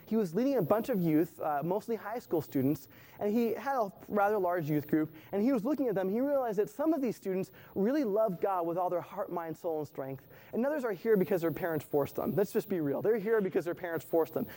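A man's voice: high voice, lively intonation, fairly quick, mellow. A man preaching to his church in a conversational sermon, repeating phrases for emphasis. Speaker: pastor.

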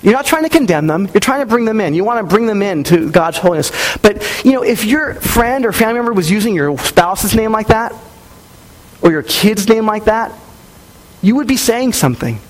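A male pastor in his thirties delivers a sermon with a notably high-pitched voice. He speaks in a relaxed, conversational way and slips into the voices of people in his stories. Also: brisk, rough recording. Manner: conversational, storytelling with acted-out quotes.

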